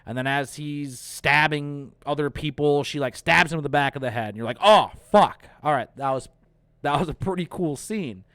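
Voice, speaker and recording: A man hosting a casual movie review, retelling the plot in an animated, profane way and acting out the characters' lines. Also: on the high side, moderate pace, no echo. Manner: animated, profane, acts out quotes. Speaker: host.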